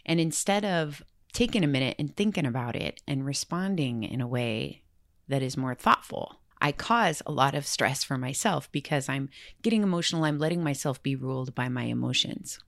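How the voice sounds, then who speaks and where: A woman with a low voice and a gravelly edge, talking in a casual self-help podcast. She sounds earnest and reflective, and her pace picks up when she gets worked up. The sound is dry and close to the mic, with no room around it. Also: expressive, normal speed, dry recording. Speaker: podcast host.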